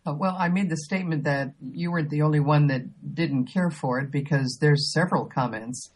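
A woman co-hosting a podcast in casual chat, talking with many pauses, ums and restarts. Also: deep voice, darkish tone, breathy edge. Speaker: podcast co-host.

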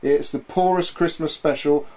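On a low-quality recording, a man with a higher, slightly mellow voice hosts a relaxed podcast at a moderate pace and with fairly flat intonation. He reads listener comments in a joking way, laughing a lot and tripping over names.

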